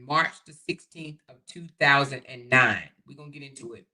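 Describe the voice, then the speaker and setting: A woman's voice: rumbling low, normal speed, sharp tone. A woman hosting a casual livestream, talking straight to her chat and repeating herself as she goes over her notes. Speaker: livestream host.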